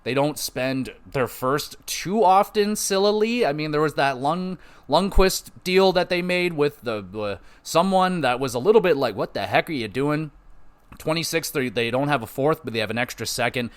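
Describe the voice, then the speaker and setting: A man hosting a casual solo sports podcast, rambling through stats with frequent swearing and quick self-corrections. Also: on the high side, expressive, clean tone. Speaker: podcast host.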